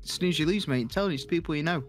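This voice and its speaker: A man's voice: fairly high pitch, very fast, faint music behind. A young man, teasing his friend and acting out people in his stories. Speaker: co-host. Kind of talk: casual gaming banter.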